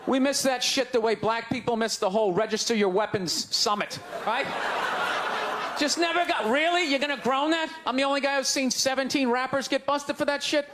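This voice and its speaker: On stage doing stand-up, a man rants loudly and takes sarcastic jabs at the audience. His voice is very high-pitched, and there's background noise.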